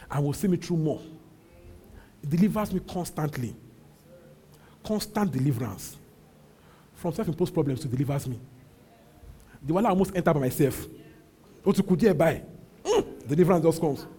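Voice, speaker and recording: A man preaching a sermon as pastor, his voice husky and mellow, pitched a little high for a man. He presses his points by repeating them, rising to loud calls and dropping to low, slow asides. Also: lively intonation.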